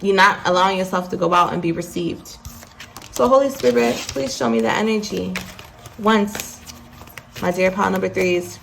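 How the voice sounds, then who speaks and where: A woman's voice: medium pitch, normal speed, creaky, a little hiss or hum. A woman giving a casual tarot reading to her viewers, chatty and mixing readings from the deck's guidebook with asides to the audience. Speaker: tarot card reader.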